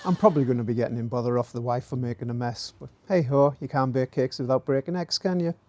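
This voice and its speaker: The recording is very noisy as a middle-aged man, a DIY channel host, talks quickly through a build in an outdoor garden workspace in light rain. His pitch is medium, and his casual narration is chatty and jokey, full of "eh?" and "don't you?"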